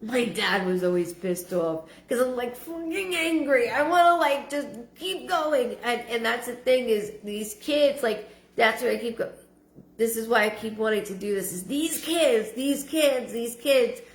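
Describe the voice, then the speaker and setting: A woman giving a live-streamed psychic reading, halting and repeating her words with frequent ums. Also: fairly high pitch. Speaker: psychic medium. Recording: roomy echo.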